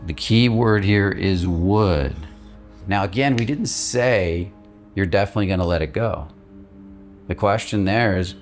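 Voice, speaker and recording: A male coach giving a guided instructional talk, calm and steady, stressing key words by repeating them. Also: deep voice, moderate pace, soft background music. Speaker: emotional release coach.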